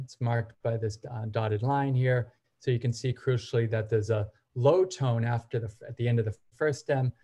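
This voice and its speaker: Man, academic seminar lecture, methodical, mid-range pitch, some "uh" fillers. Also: mellow. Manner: methodical, explains step by step while walking through examples; occasional hesitation fillers. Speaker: seminar presenter.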